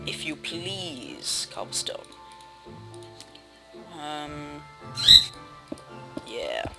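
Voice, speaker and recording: A young man rambling through casual, self-mocking commentary while playing a building game, with sudden loud outbursts. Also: fairly high pitch, creaky, low-quality recording. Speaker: gaming video host. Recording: game music playing behind. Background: game music.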